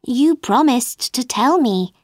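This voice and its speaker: A woman's voice: sits high, expressive, slow, darkish tone, no room sound, clean studio sound, pitched above the performer's own voice, heavily acted. A woman reading aloud voices Alice, a polite and curious young girl, in an earnest, eager manner.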